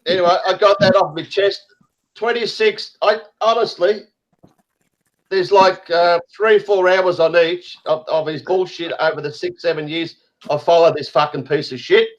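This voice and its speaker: A man's voice: sits high, fairly even intonation, normal speed, dull audio. A man hosting a casual online group chat, ranting heatedly and swearing often. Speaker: host.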